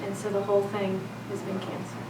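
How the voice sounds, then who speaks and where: Talking fast in a mid-range voice, this woman from Chicago's South Side tells a personal story on stage at a storytelling event. She's conversational and keeps laughing at her own story, with background noise and a distant mic in a roomy live space.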